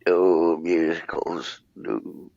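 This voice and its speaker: A man's voice: low-pitched, flat delivery, drawn-out words, creaky, warm tone. Teasing man on a lo-fi mic. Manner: teasing, offhand. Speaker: guest on live chat. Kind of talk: casual chat. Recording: lo-fi dull mic.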